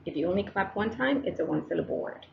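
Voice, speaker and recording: Talking fast into a close microphone, a woman teacher encourages her students directly and repeats each step of the lesson. Her mid-range voice is expressive and creaky, and the muffled classroom recording carries a noisy background.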